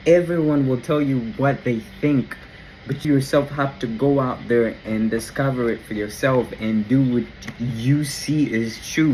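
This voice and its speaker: A man giving a casual, excited faith reflection, telling the story in slangy everyday talk and exclaiming in wonder. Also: medium pitch, a little hiss or hum, poor audio. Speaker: Christian vlogger.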